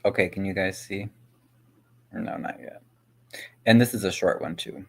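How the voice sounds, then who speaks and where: A man's voice: low voice, normal speed, creaky, darkish tone, breathy edge. A man hosting a casual reaction vlog, muttering and thinking aloud as he browses clips. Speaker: host.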